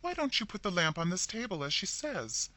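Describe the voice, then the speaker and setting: A man's voice: fairly high pitch, big pitch swings, normal speed, pushed and bright, voice pushed up. A man voicing a stern woman who answers in harsh, clipped words. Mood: curt. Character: stern, curt woman holding herself rigid.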